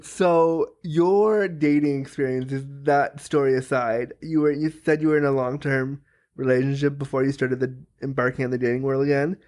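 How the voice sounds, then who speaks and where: A man hosting a casual podcast chat, animated and laughing often, trailing off and restarting mid-sentence. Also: mid-range voice, normal speed. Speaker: podcast host; power wheelchair user.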